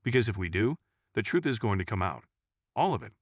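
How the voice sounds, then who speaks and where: A man voicing a calm, confident teenage boy on trial, with a steady, even delivery. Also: fairly low pitch, a little fast, no room sound, clean studio sound.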